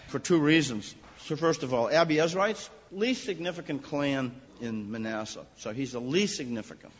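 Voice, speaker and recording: A man preaching an expository sermon, animated and raising his voice on quoted lines. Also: medium pitch, normal speed, few pauses, slightly rough. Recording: dull lo-fi recording with long hall reverb.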